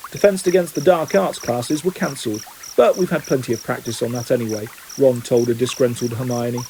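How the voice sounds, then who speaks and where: A man reading a novel aloud in plain, steady narration. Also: on the high side, a little hiss or hum, poor audio. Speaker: audiobook reader.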